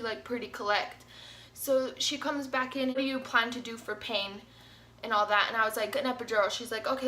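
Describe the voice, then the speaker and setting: A young woman tells a story to her viewers in a loose, chatty way, full of "like" and "you guys." Her voice sits a little high and sounds bright and forward. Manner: chatty, animated, says "like" often. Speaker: vlogger. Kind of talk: casual storytime.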